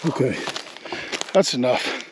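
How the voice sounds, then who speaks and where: A man's voice: mid-range voice, big pitch swings, slow, a little hiss or hum. A man, out of breath while hiking a forest trail, talking to his vlog camera in a rambling, folksy way. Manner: rambling, self-correcting, folksy. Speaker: outdoor vlogger. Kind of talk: casual hiking vlog talk.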